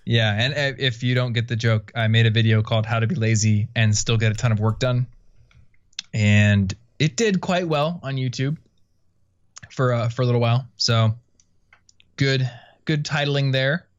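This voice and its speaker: A man's voice: mid-range voice, moderate pace, muffled recording. A man hosting a podcast, chatting casually and rambling with lots of fillers. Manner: laid-back, rambling with many fillers and laughs. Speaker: podcast host. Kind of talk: casual chat.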